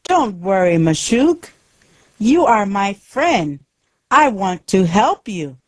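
A woman plays a young male bird in a storybook, lost and frightened but kind. His lines are a touch higher and lively in pitch, spoken very slowly in a dry, close sound. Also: no room sound. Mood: kind, determined. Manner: simple, slow, clearly spoken lines.

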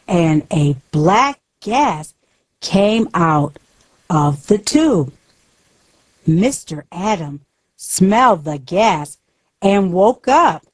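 A woman narrating a simple story in a slow, clear reading voice. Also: fairly low pitch, dry recording.

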